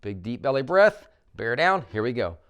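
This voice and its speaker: A man coaching vocal exercises, guiding listeners through a warmup with upbeat instructions. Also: mid-range voice, big pitch swings, moderate pace, a little hiss or hum.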